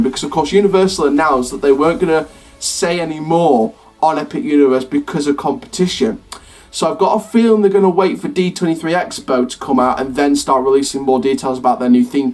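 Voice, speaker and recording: Male YouTube host, slightly higher voice, eager and rambling, soft music under him. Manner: rambling and eager, many fillers and restarts. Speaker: theme park news YouTuber. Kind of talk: excited casual chat to camera.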